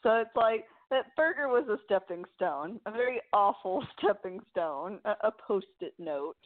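A woman's voice: medium pitch, animated, no room sound. A woman co-hosting a casual chat who teases her partner and gives her opinions freely. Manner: teasing, opinionated, quick to react. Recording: dry, phone-like narrow sound.

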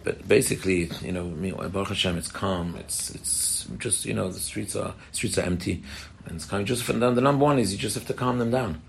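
Deep gravelly man giving a Torah talk. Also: fairly quick, slight background noise. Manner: earnest, repeats and restarts phrases, explains plainly. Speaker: rabbi giving a talk to women. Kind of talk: Torah talk with audience questions.

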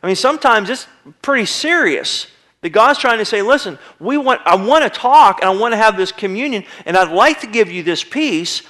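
A man preaching in a church, with a voice pitched high for a man. He keeps it conversational and acts out little quoted voices as he goes. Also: sharp tone. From United States. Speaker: pastor. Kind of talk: sermon. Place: church sanctuary.

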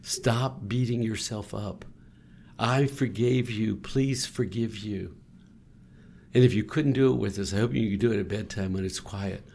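Gravelly-voiced man leading a prayer. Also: fairly low pitch, measured pace, a little mellow, a little hiss or hum. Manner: leads listeners in spoken prayer, earnest and pastoral. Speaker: co-host. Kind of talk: faith-based podcast conversation.

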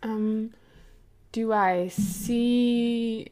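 A woman playing a tabletop game, speaking hesitantly and calmly. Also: fairly high pitch. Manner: slow, hesitant, calming. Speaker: player. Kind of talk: tabletop role-play.

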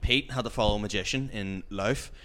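Low-voiced comedian, laughing. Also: male voice, brisk, a crowd in the background. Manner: chatty, laughs through his stories. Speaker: stand-up comedian. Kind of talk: casual podcast chat.

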